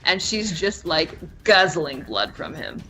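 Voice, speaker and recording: A woman's voice: sits low, very animated, slow pace, sharp tone, slight background noise. A woman narrating as game master of a tabletop game, telling the story with animation and frequent giggles.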